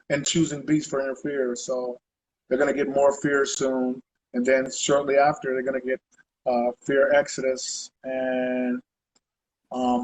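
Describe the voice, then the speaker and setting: A man's voice: medium pitch, slight background noise, low-quality recording. Laid-back man chatting loosely. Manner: loose and rambling, with frequent conversational tags. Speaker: guest artist. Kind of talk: casual interview chat.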